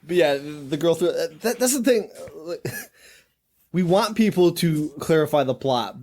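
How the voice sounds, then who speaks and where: A man's voice: fairly high pitch, lively intonation, normal speed, a little mellow. A man co-hosting a podcast in casual chat, making wry, critical asides. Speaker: podcast co-host.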